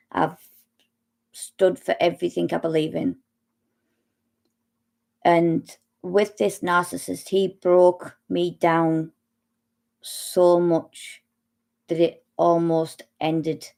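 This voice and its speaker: A middle-aged woman speaking slowly and haltingly about her own experience, pausing often and restarting her sentences. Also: fairly low pitch, little pitch movement, creaky, a little mellow. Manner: slow, halting, with long pauses and restarts. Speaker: speaker sharing personal experience. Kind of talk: personal testimony talk.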